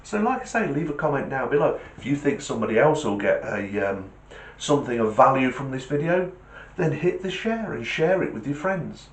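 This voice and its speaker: Man hosting his channel, casual chat, mid-pitched voice, echoey room. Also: sing-song, moderate pace, few pauses. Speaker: channel host. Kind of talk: casual talk to camera and joke telling.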